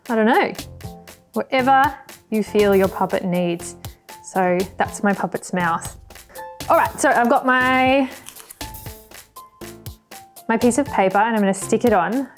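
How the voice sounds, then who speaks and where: A woman teaching a puppet-making workshop for children, cheerful and encouraging. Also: medium pitch. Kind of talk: children's craft tutorial.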